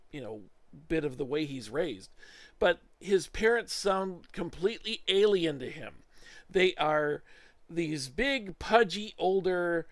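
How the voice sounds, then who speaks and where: Middle-aged guy rambling thru a movie review, kinda high voice, dry close sound, lots of uhs. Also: a bit bright, no room sound. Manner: meandering, chatty, with frequent fillers and restarts. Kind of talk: casual opinion monologue. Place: home studio.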